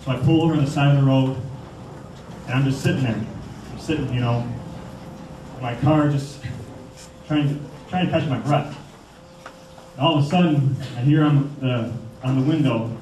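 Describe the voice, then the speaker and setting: A young man from Michigan giving an animated storytelling talk to schoolchildren in a school hall. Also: medium pitch, a little hiss or hum. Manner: animated, acts out voices. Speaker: motivational speaker. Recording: echoey hall from far off.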